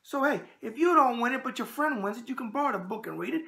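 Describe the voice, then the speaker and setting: A man's voice: very high voice, lively intonation, fast, creaky, pushed and bright. Chatty New York man hosting. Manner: chatty, tough-guy catchphrases, emphatic. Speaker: host. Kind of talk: casual boxing video show chat.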